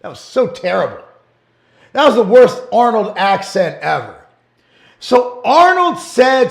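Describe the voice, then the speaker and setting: A middle-aged man hosting his own show, talking bluntly and emphatically in a casual monologue, sometimes rising to shouts. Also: high-pitched, big pitch swings, a little slow, creaky. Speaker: show host and supplement business owner. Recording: roomy echo.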